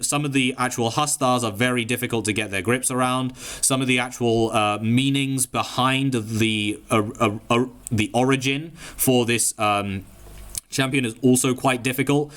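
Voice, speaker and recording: A man from Malaysia, talking casually to viewers and explaining things in a hesitant, halting way, often stopping to spell out names letter by letter. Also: mid-range voice, a bit bright. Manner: hesitant, halting with many fillers and restarts. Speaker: gaming video creator.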